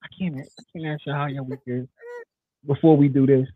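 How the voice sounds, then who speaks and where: A man's voice: medium pitch, steady tone, a little fast, breathy edge, dry recording. A man co-hosting a podcast in casual chat, hyping the show and pushing promos upbeat. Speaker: podcast co-host. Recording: tinny phone-like line.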